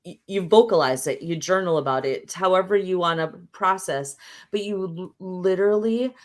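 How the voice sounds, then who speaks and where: A woman's voice: on the low side, normal speed. A woman guest in a casual interview, talking reflectively through an analogy and often checking in with "right?". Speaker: podcast guest.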